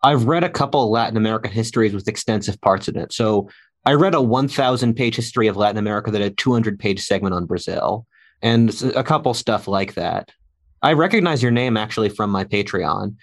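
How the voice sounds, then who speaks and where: A man's voice: on the low side, expressive, brisk. A man who is the guest on a live video call, talking casually and laughing at himself. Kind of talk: casual chat.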